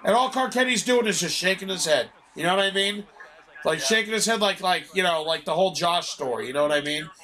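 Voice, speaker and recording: Bright, high-voiced man telling a story. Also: a little fast. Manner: animated storytelling, heavy swearing. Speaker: gamer chatting while playing. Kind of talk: casual chat.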